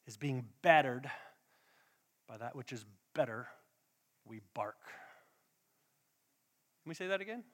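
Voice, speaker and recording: A man preaching a sermon as a pastor, drawing in the congregation with questions and call-and-response. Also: fairly high pitch. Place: church hall. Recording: long hall reverb.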